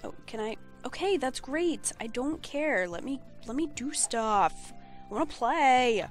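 A woman's voice: sits high, lively intonation, a little slow, soft background music. A young woman giving casual, sarcastic and blunt let's play commentary.

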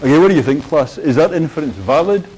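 A man's voice: fairly high pitch, animated, quick pace, a little mellow, husky. A man giving a university philosophy lecture, hesitant with many fillers and dry wit, in a lecture hall.

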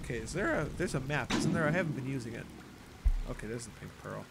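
A woman from Canada giving casual, playful commentary while playing a game, swearing and shouting when startled. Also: rumbling low, lively intonation, fast, vocal fry, very noisy. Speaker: let's play host.

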